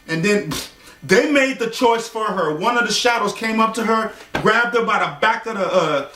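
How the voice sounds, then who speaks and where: A man with a high, bright voice tells a loose, rambling bedtime story full of fillers and acted-out lines. He sits back from the mic in a roomy, echoing space. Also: expressive, moderate pace, recorded from a distance. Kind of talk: casual spoken bedtime story. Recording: roomy echo, voice from away from the mic.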